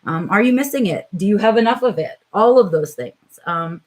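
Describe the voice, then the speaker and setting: This middle-aged woman's live-stream vlog features her mid-range, slightly mellow voice, animated and at normal speed. She reflects hesitantly with viewers, dropping in many "um"s and "right?"s.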